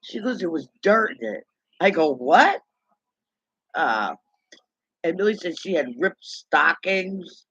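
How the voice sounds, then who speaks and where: A man's voice: high voice, sing-song, measured pace, bright, forceful tone, slightly rough, no echo. A man in a rambling, indignant gossip monologue, talking to himself. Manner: chatty, indignant, talks to himself. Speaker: vlogger. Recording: dull lo-fi dry recording.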